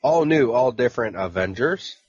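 A man's voice: mid-range voice, expressive, normal speed, a little mellow, husky, dry recording, lo-fi sound. A man co-hosting a comics podcast in casual chat, reading out titles and adding dry asides. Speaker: podcast co-host.

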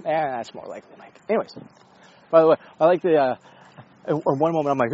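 Man, lively up-and-down voice, a bit high, rambling profane monologue, outdoors on a walk, slightly dull recording with faint street noise. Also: fairly quick, long pauses. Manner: rambling, profane, self-mocking, talks to his dog. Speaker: vlogger. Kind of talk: rambling casual monologue while walking a dog.

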